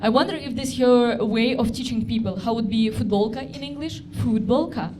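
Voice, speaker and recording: Russian-accented woman doing stand-up. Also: on the high side. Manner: deadpan, halting non-native phrasing. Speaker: stand-up comedian. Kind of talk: stand-up routine. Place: comedy club stage. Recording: live club with audience noise.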